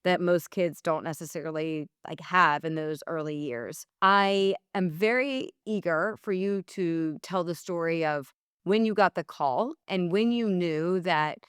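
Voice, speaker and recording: A woman hosts an interview podcast, asking long, rambling questions and affirming her guest. Her voice sits low and sounds smooth and clear. The recording is dry, with no room sound around her. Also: measured pace, a bit bright, no room sound. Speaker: podcast host. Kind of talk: casual interview.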